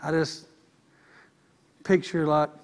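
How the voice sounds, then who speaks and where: A man's voice: a little high, flat delivery, takes it slowly. A man preaching a sermon in a folksy, conversational way.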